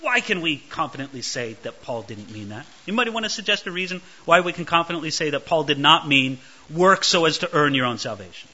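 Animated high-voiced male preacher. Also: fast, few pauses. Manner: animated, emphatic, acts out quoted voices. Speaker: pastor. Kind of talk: expository sermon. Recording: dull lo-fi recording.

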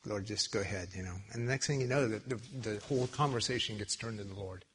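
A man preaching a sermon in church, telling stories with animated, loud peaks and quiet asides. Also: mid-range voice, fast talker, a little hiss or hum. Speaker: pastor.

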